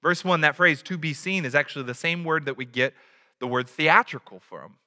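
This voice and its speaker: A man's voice: fairly high pitch, a little fast, pushed and bright, big-room sound. A man preaching a sermon in a conversational way, a father who acts out little quotes. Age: adult, has a child. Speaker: pastor.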